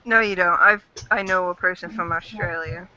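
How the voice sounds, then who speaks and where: A woman's voice: on the low side, fairly even intonation, moderate pace, bright, forceful tone, slight background noise. A woman hosting a casual online fan chat, rambling and chatty with casual swearing, on a dull lo-fi recording.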